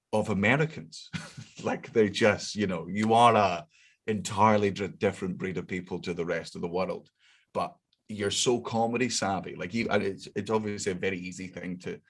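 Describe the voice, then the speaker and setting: Scottish guy with a deep voice, chatty comedian, laughs a lot, swears casually. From Scotland. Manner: animated, laughs often, swears freely. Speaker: comedian guest. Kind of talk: casual chat.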